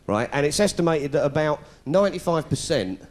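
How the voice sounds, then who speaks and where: Middle-aged British stand-up, fairly high and very animated, sarcastic storyteller. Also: male voice, a little fast. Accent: British English. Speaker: comedian. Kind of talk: stand-up comedy routine. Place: stage before a live audience.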